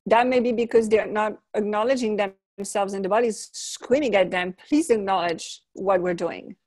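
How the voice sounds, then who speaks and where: A woman's voice: medium pitch, normal speed, darkish tone. A woman co-hosting a casual chat, speaking in an earnest, affirming way. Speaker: co-host.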